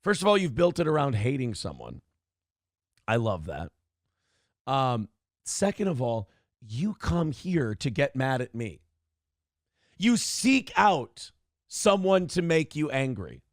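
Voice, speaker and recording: A man's voice: mid-range voice, very animated, slow pace, long pauses, no echo, clean studio sound. A man hosting a morning radio show, reading out chat comments and mocking trolls with sarcasm while asking for donations. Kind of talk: live-stream donation appeal.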